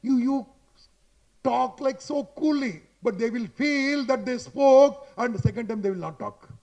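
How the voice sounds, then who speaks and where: Very high-pitched yet darkish in tone, this man speaks at a measured pace with an Indian English accent. He's giving a live audience in a hotel hall an emphatic, repetitive motivational talk on public speaking, using a handheld mic. He speaks chattily to listeners and marks his points with "boss."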